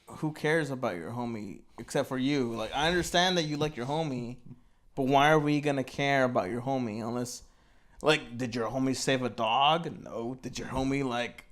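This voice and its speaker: A man's voice: medium pitch, moderate pace, a bit bright. A young man co-hosting an album review show, rambling casually with constant "like" and "you know". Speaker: album review podcast co-host. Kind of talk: casual chat.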